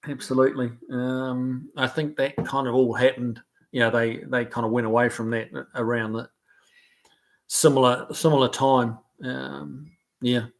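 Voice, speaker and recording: A New Zealand man reads his live stream chat aloud and replies in a loose, casual manner, with plenty of fillers and restarts. His medium-pitched voice is level in tone, a little slow, and carries vocal fry.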